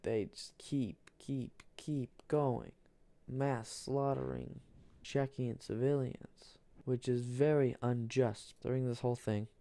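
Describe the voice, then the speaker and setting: A man's voice: mid-range voice, fairly even intonation, vocal fry, dark tone, dry recording. A man casually narrating an alternate history on a map, repeating himself and restarting sentences. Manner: repetitive, restarts, halting.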